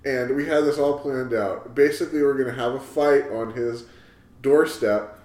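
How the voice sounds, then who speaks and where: A man's voice: medium pitch, steady tone, moderate pace, darkish tone, roomy sound. A man co-hosting a podcast, chatting casually and joking as he tells a rambling story. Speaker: podcast co-host. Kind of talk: casual chat.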